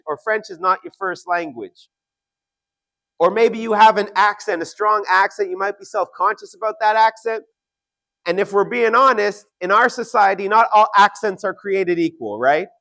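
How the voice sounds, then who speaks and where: A man giving an earnest motivational talk to an audience, slowing down to stress key points and often checking in with "right?". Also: high voice, fairly bright tone. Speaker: motivational speaker.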